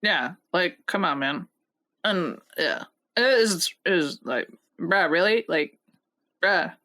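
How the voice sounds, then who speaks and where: A young woman co-hosting a casual podcast, retelling a workplace story with constant swearing and animated quotes. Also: fairly low pitch, takes it slowly. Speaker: podcast co-host.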